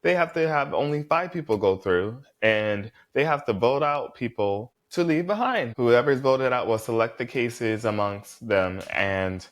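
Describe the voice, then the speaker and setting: A man casually recapping a reality show episode, blunt and profane, with lots of "like" fillers and animated reactions. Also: medium pitch, measured pace, hardly any pauses.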